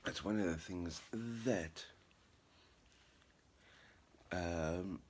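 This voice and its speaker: A man's voice: deep voice, extremely slow, noisy background. A middle-aged man vlogging casually to camera, chatty and upbeat with a rambling way of talking. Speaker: vlogger and writer. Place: apartment living room.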